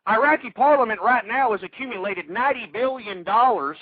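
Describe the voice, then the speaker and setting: A man's voice: very high voice, fairly quick, breathy edge, no room sound. A man hosting a call-in talk radio show, ranting angrily at his listeners, insulting them and stammering through restarts. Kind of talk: angry political talk radio rant. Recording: tinny phone-like radio audio.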